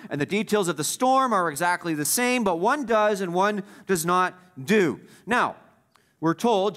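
A man preaching a sermon as the pastor, emphatic, repeating key phrases and swinging between loud stresses and quiet asides. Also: fairly high pitch.

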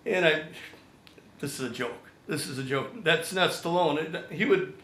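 Older male songwriter guest, animated raconteur, slightly high voice, echoey room. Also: normal speed, slight background noise. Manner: animated storyteller, acts out quotes. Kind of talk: storytelling anecdote.

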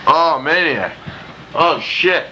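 A man doing profane, excited play-by-play of a backyard wrestling match while filming it, gasping and laughing. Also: a little high, slow pace, a little hiss or hum, poor audio. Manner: swears often, loud gasps and laughs. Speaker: backyard wrestling commentator and cameraman.

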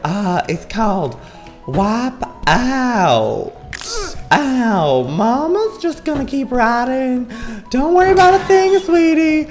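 A man's voice: extremely high pitch, sing-song, slow, over music, pitched above the performer's own voice, full character voice. A man voicing a doting mother in a video game, falsely soothing her children as they ride.

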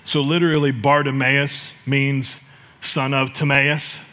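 A middle-aged American man preaching a lively, joking sermon that builds to shouts. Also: mid-range voice, unhurried. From United States. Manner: animated, jokey, shouts scripture cries. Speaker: pastor.

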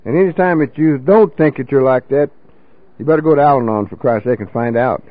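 A man's voice: mid-range voice, brisk, phone-quality sound, a little hiss or hum. An older man telling a folksy, salty story of his drinking days to a recovery meeting, peppering it with "you know.".

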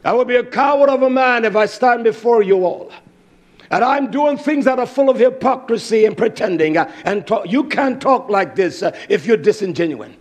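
A man preaching a fiery sermon, fervent and emphatic, drawing out words and breaking into shouts. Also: very high voice, expressive, normal speed.

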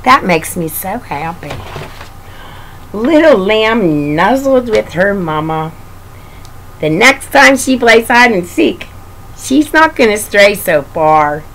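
A woman reading a picture book aloud to children, with gentle, doting asides to a child. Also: mid-range voice, very animated, slow pace, poor audio. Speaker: reader of children's books.

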